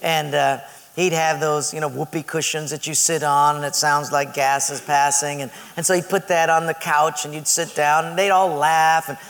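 A man preaching a sermon, telling a story in a lively way with laughter. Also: fairly high pitch, moderate pace, big-room sound.

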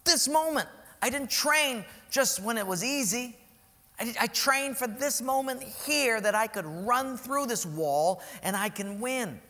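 A male pastor preaching a sermon, telling stories in an animated way that swings between loud and soft. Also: very high voice, a little slow, big-room sound.

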